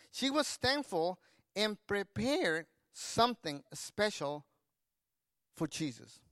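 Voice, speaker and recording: High-voiced pastor preaching a sermon. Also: male voice, bright, forceful tone, no echo.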